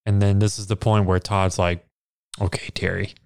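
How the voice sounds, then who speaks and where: A man's voice: on the low side, level tone, a little fast, darkish tone, clean tone, no room sound, studio quality. A man in casual chat, cracking jokes and chiming in with mock quotes of the characters. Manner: wisecracking, chimes in with mock quotes. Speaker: podcast co-host.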